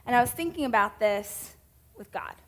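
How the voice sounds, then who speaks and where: Woman, Southern accent, 30s, humorous sermon, self-mocking asides, slightly high voice. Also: expressive, normal speed. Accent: Southern American. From American South. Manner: chatty, self-mocking, with laughs and playful asides. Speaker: speaker at a women's church group.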